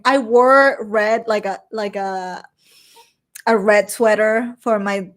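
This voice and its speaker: A young woman streamer chatting casually with her chat and reading comments aloud, rambling, swearing now and then and slipping into Spanish. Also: medium pitch.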